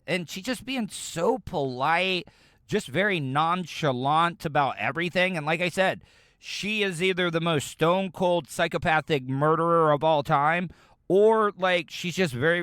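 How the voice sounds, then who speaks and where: A man's voice: fairly high pitch, a little slow, fairly bright tone, no echo, studio quality. A man from the United States hosting a podcast, rambling casually as he reacts to audio clips. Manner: rambling, chatty, frequent restarts. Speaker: podcast host.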